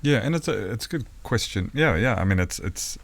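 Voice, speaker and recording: A man as an interview guest, thoughtful and hesitant, often pausing and searching for words. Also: fairly low pitch, lively intonation, gravelly. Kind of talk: casual interview chat.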